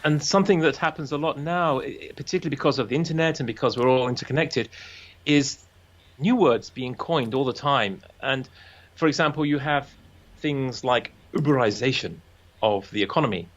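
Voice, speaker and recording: A man's voice: mid-range voice, moderate pace, fairly bright tone. Chatty man, dull lo-fi sound. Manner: chatty, playful, acts out quoted voices. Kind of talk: casual conversation about language.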